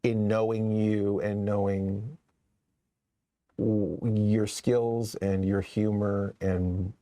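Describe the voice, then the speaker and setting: A man's voice: on the low side, flat delivery, extremely slow, mellow, dry recording. A man hosting a horror movie show, chatting casually on a live stream and rambling with many restarts. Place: studio set.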